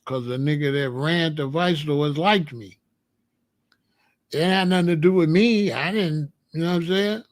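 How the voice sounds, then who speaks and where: A man hosting his own channel, telling a story in a casual, animated and profane way and laughing as he goes. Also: fairly high pitch, unhurried, dry recording.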